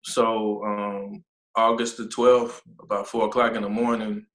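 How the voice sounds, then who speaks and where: A man, a nonprofit founder, telling a personal story in an interview, halting and pausing often with fillers. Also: fairly low pitch, little pitch movement, fairly bright tone, reverberant, rough recording. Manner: halting, with many pauses and fillers.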